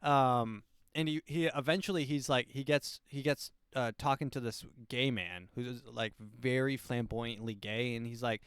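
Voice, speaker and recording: Man with a smooth, dry voice. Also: medium pitch, moderate pace, no room sound. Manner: rambling, animated, acts out quotes in silly voices. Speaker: podcast host. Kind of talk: casual book review monologue.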